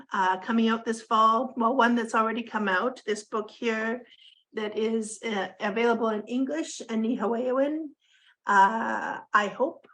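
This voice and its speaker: A woman author from Canada, a mother of grown twins, speaking gently and in a measured way in a recorded video introduction. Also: a little high, rough recording.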